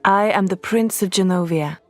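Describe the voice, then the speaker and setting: A woman reading an audiobook voices a serious middle-aged father who is a prince, speaking in a measured, grave way. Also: medium pitch, soft background music, lightly acted.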